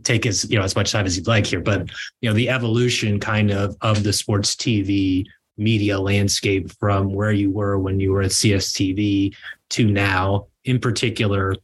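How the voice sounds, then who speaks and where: A man's voice: on the low side, flat delivery, moderate pace, a little hiss or hum. A man hosting an interview for students, asking long, hesitant, winding questions. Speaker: interview host.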